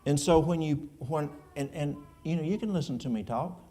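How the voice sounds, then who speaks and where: A man's voice: a little high, moderate pace, warm tone. A man with an East Tennessee Appalachian accent, a church elder answering audience questions in a folksy, plain-spoken way. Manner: folksy, plain-spoken, drawling with colloquial speech.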